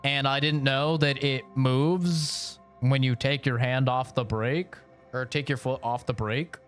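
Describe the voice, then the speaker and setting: A man's voice: mid-range voice, steady tone, a little slow, fairly bright tone, soft background music. A young man streaming, telling a story in casual, rambling talk full of slang and laughs.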